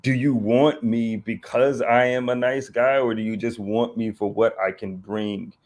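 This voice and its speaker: A man's voice: medium pitch, steady tone, a little slow, noisy background. A man hosting an online discussion who rambles, restarts his sentences and banters easily with his guests. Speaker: host.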